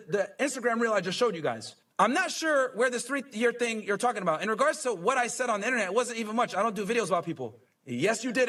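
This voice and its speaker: A man's voice: very high-pitched, sharp tone. A man hosting a podcast who tells a story to his live chat in a casual, incredulous way, reading out messages as he goes. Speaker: podcast host.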